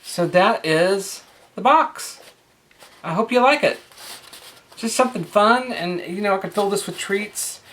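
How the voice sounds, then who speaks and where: A man's voice: high voice, lively intonation, measured pace, pauses often, fairly bright tone, a little hiss or hum. A man talking casually through a craft tutorial, rambling with lots of fillers and restarts.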